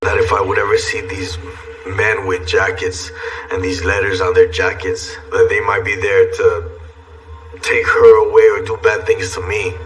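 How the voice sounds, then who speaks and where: A man speaking in a reflective, measured documentary interview, his voice very low. He sounds set back from the mic, with clear music underneath. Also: level tone, fairly bright tone, recorded from a distance, low-quality recording.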